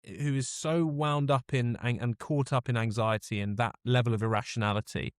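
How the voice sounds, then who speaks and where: Halting man in podcast chat. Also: medium pitch, fairly even intonation, clear, resonant tone, no room sound, clean studio sound. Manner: halting, restarts often. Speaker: podcast co-host. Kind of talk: casual chat.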